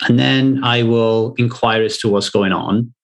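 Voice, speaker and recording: A man hosting a podcast and talking through his ideas in a thoughtful, measured way. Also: mid-range voice, creaky. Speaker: podcast host. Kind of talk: casual podcast conversation.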